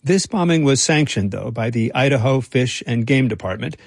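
A male radio reporter narrating a scripted feature in a measured, dry way. His voice is husky and close, recorded in a dead-quiet booth with no room sound. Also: medium pitch, animated, no room sound.

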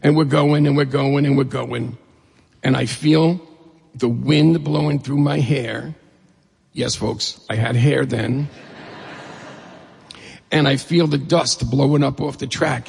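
A middle-aged man telling a humorous personal story, animated and acting out the dialogue. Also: gravelly, breathy edge. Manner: animated, acts out dialogue with rising pitch. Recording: long hall reverb.

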